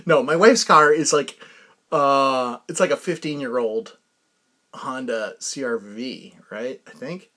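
A man's voice: mid-range voice, expressive, unhurried, bright, forceful tone, slight background noise. A man hosting a podcast in a rambling, casual comic monologue who laughs often at his own stories. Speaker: podcast host.

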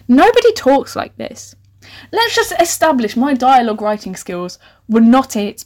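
A woman's voice: high-pitched, lively intonation, normal speed, darkish tone. A young woman hosting a podcast, reading her own old novel aloud with incredulous, sarcastic comic commentary. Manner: incredulous, sarcastic asides with sudden squeals.

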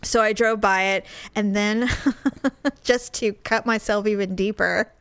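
Woman in her forties, casual storyteller, smooth clear tone, dry close sound, dramatic retelling. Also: mid-range voice, measured pace, no echo. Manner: animated, dramatic retelling with quoted dialogue.

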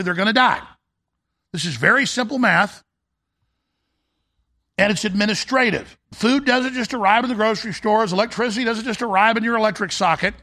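A man's voice: sits high, creaky, sharp tone. A male talk show host delivering a fiery, emphatic political monologue in a ranting manner.

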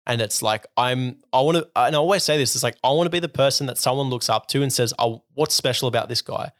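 An earnest young man co-hosting a casual faith podcast, rambling a little as he works through his thoughts, with playful asides. His voice sits at a middle pitch for a man. It is recorded dry and close. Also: quick pace, dry recording. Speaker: podcast co-host.

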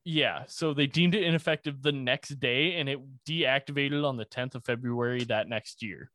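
A man's voice: mid-range voice, normal speed, sharp tone, no echo. Young man casually explaining, dry close mic. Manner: rambling, laughs while explaining, swears casually. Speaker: presenter of a conspiracy topic. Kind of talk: casual podcast chat.

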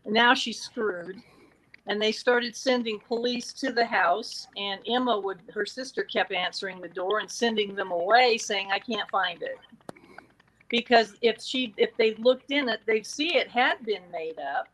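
A woman's voice: a little high, moderate pace, rough recording. A woman in casual conversation, telling a true-crime story with animation and acting out quoted exchanges. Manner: animated, acts out the quotes from the record.

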